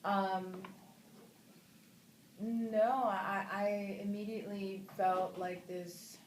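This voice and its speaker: A woman in her thirties, an actress telling animated stories at a casual press interview, her voice jumping high in mock surprise. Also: drawn-out words. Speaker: actress interviewed about a film. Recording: echoey room with faint background noise.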